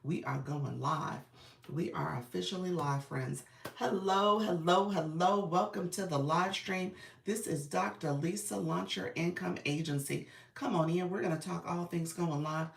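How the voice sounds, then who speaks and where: A woman business coach hosting a casual livestream. She is under the weather and a bit raspy, and she greets viewers by name in an upbeat, encouraging way. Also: low-pitched, moderate pace, echoey room, far from the mic.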